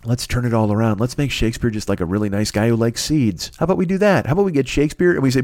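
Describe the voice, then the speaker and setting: A man's voice: fairly high pitch, lively intonation, quick pace, hardly any pauses, dry recording, clean studio sound. A man hosting his podcast from his apartment, rambling through a profane comedic monologue full of mocking voices. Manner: rambling, swears constantly, jumps into mocking character voices. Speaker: podcast host.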